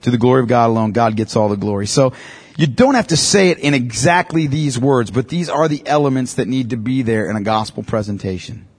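A man's voice: medium pitch, a little fast, breathy edge. A man teaching a church class on evangelism, emphatic and repeating his key points, often checking in with "okay?".

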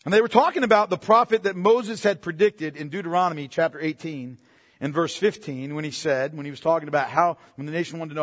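A man preaching with a high, light voice, talking through scripture in a relaxed, conversational way and then pressing hard on key points. He repeats phrases for emphasis and calls his listeners "man." His voice rings out with a long reverb, as in a large hall. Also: moderate pace. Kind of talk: sermon.

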